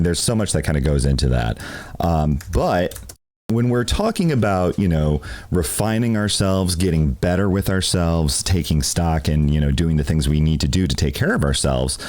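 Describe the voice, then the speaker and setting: Sex: man. Role: stream team host. Style: live-stream masterclass. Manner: rambling, lots of fillers, quick to laugh. Pitch: very low but swinging widely. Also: a little mellow.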